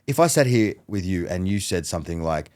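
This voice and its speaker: A man, a mentalist guest on a podcast, chatting casually and telling animated stories that act out both sides of a conversation. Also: low-pitched, a little fast. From Australia. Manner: animated storyteller who acts out dialogue.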